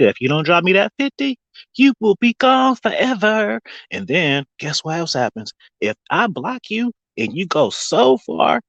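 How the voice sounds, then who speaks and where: Livestream host: husky man with a lively, swooping delivery, mocking and quick to laugh. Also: medium pitch, no echo, highs cut off. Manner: animated, mocking, laughs often between lines. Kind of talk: casual livestream rant.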